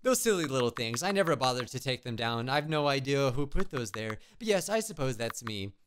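A man reading the lines of a lonely, motherly woman witch who lives alone in the woods, in a soft and polite way. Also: mid-range voice, very animated, a little fast, a little hiss or hum. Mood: gentle. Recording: game music behind.

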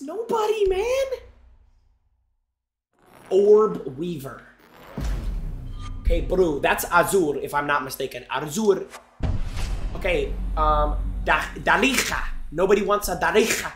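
A young man live-streaming, chatting loudly and excitedly to his viewers while he opens game packs. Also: high-pitched, echoey room. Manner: excitable, loud, chanting and talking to chat.

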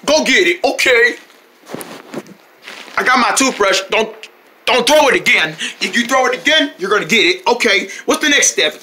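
In a playful comedy skit, a performer with an expressive, mid-range voice plays several characters, switching between them quickly and breaking into shouts.

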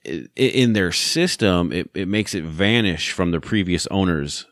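Man, low and lively voice, rambling podcast host, dry close sound. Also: unhurried, dry recording. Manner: rambling, many fillers and restarts. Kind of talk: casual storytelling chat.

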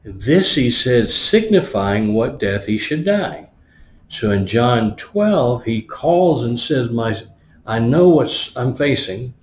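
A man's voice: medium pitch, lively intonation, slow, roomy sound, a little hiss or hum. A man preaching a teaching sermon. He explains words one by one and often stops to ask "right?". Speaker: pastor.

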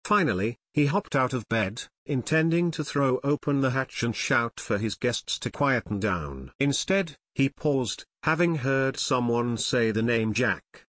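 A man narrating a children's fantasy chapter book in steady scripted narration, as author and reader. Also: medium pitch, unhurried, few pauses, no echo, clean studio sound.

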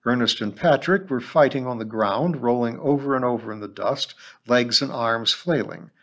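A man narrating an audiobook in a measured, even storytelling manner. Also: mid-range voice. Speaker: audiobook reader.

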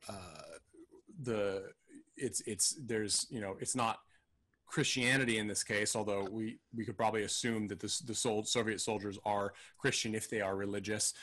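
A man's voice: lowish voice, fairly bright tone. A man co-hosting a film podcast, talking through his thoughts in a rambling, hesitant way with lots of fillers and restarts. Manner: rambling, hesitant, thinks aloud with many fillers. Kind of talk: casual film discussion.

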